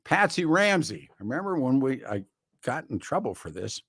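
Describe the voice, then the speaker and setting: A man's voice: mid-range voice, big pitch swings, normal speed, fairly bright tone, breathy edge, dry recording. A man hosting a talk radio show in a studio, delivering a rambling, wry monologue full of restarts. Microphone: studio microphone.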